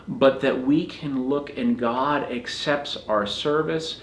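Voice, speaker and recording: A man's voice: medium pitch, takes it slowly, reverberant, slight background noise. A man preaching a sermon as pastor, earnest, often repeating phrases as he builds a point.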